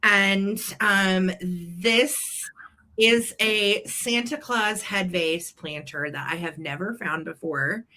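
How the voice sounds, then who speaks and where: A woman co-hosting a live vintage sale, gushing with excitement over her finds and laughing often. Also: mid-range voice, takes it slowly. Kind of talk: casual sales chat.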